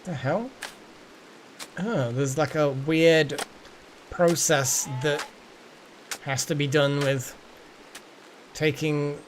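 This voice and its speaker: A man's voice: on the high side, extremely slow, long pauses, a little hiss or hum. A man streaming a game, rambling casually to his chat. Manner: rambling, chatty, talks to chat. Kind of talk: casual gameplay commentary.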